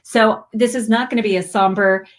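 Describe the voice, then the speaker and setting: A woman in her forties hosts a spiritual livestream, talking in a heartfelt, rambling way. She breaks into bursts of excited greetings now and then. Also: medium pitch, moderate pace. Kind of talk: emotional live stream chat.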